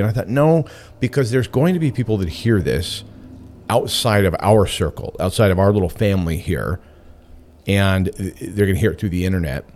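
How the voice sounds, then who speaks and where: A man's voice: deep voice, darkish tone. A man hosting a radio show, talking in a chatty, candid and enthusiastic way. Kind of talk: casual radio talk.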